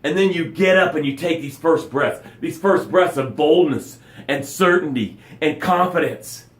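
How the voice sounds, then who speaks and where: A fired-up man coaching his live audience through a motivational talk, with a slightly high voice that whoops and shouts. He preaches in big, punchy images. The sound is roomy, with a noticeable echo. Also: a little slow. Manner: energetic, preachy, with whoops and shouts, then drops to soft breathing cues. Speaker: motivational coach hosting a daily live broadcast.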